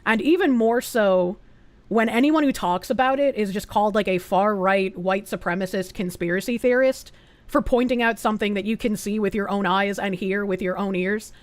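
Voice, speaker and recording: A woman's voice: mid-range voice, normal speed, dry recording. A woman streamer giving casual, earnest reaction commentary and swearing now and then.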